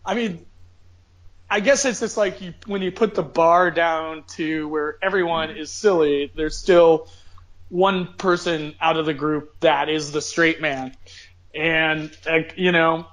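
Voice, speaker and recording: A man co-hosting a casual podcast chat, joking and halting with fillers. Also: fairly high pitch, fairly even intonation, a bit bright, low-quality recording. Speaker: podcast co-host.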